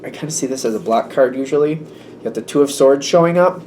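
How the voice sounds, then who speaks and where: A man's voice: medium pitch, quick pace, a little mellow, a little hiss or hum. A man giving a casual tarot reading, rambling and thinking aloud, acting out little quoted exchanges. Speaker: tarot reader.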